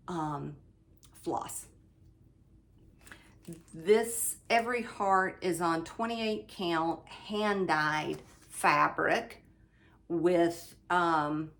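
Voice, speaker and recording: A woman with a low voice hosts her own cross-stitch channel, showing off finished projects in a casual show-and-tell chat at home. She pauses often with ums and calls her viewers "you all," while a fan runs in the background.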